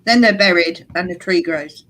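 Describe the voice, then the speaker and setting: A woman's voice: on the low side, moderate pace, a bit bright, poor audio. A woman in a playful, giggly casual chat on a video call.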